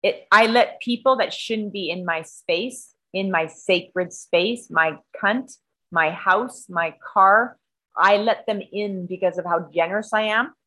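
A woman's voice: mid-range voice, slow pace, pushed and bright, low-quality recording. A woman in casual conversation, talking earnestly and often restarting her sentences. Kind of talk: casual chat.

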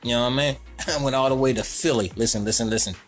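A man telling a childhood story in a casual, animated way, laughing often and talking in loose slang. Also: mid-range voice, fast, soft background music. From North Carolina, US. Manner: animated, laughing, slangy, repeats "you know what I'm saying".

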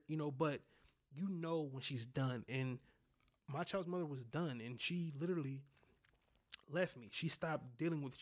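A young man candidly telling a personal story in a blunt, profane way, full of restarts. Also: on the high side. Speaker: podcast host.

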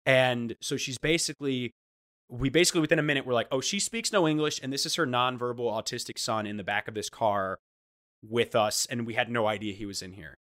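Male storyteller, lively and bright, acts out quotes, frequent restarts. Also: medium pitch, brisk. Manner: animated, acts out quoted voices, restarts often. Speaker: guest storyteller. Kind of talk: casual anecdote telling.

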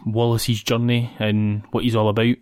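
A woman's voice: very deep voice, little pitch movement, moderate pace, darkish tone, dry recording, clean studio sound. A woman with a Scottish accent casually recapping a film's plot for a podcast, giggling between points. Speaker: podcast co-host. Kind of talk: casual film recap chat.

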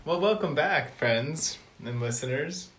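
Very deep-voiced young woman, dry and teasing. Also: expressive, measured pace. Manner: dry, teasing, low-key. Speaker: podcast co-host. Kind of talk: casual chat. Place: small office. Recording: roomy office, faint noise.

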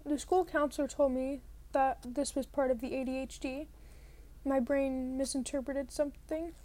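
Her voice is high-pitched and dark-toned, with fairly even intonation at a normal speed. She's an audiobook reader narrating a first-person novel plainly, now and then repeating a line.

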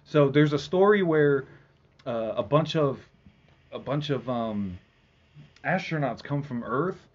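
A man's voice: medium pitch, animated, slow, long pauses, husky, highs cut off. A man in casual chat, retelling a book's story in a rambling, profane way full of fillers. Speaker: podcast host.

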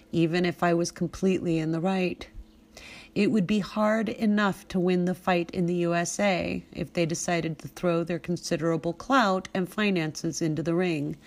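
A middle-aged woman narrating her own memoir with intensity, building to loud, emphatic outbursts. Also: on the low side, steady tone, moderate pace. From United States. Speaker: memoir narrator and podcast host. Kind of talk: dramatic memoir reading.

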